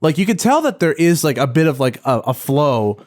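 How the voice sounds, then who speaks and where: A man's voice: on the high side, big pitch swings, a little fast, darkish tone. A young man co-hosting a casual music podcast, rambling and hesitant, with casual swearing. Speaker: podcast co-host.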